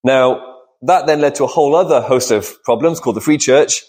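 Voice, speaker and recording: A man gives a sermon in a church, with a voice of ordinary middle pitch. He talks in a relaxed, conversational way, often putting questions to his listeners and answering them himself. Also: brisk. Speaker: preacher. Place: church hall with congregation.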